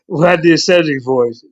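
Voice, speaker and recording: A man rambles through stories as a guest on a livestream, laughing as he goes. His audio is dull and lo-fi, and it sounds close and dry. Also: no room sound. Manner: rambling, laughs often, jumps into high excited voices when quoting himself. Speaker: guest on a livestream talk show. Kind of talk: casual chat.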